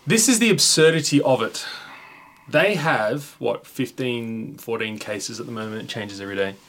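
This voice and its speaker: A man hosts a satirical news show in a mock-official, sarcastic announcing manner. His voice sits at an ordinary middle pitch. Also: moderate pace, fairly bright tone. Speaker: host.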